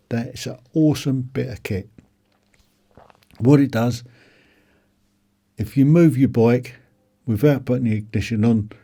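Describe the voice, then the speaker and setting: Casual walkaround commentary at a motorbike show comes from a motorcycle vlogger with a warm, medium-pitched voice. He rambles, often hesitating with ums and restarting his sentences.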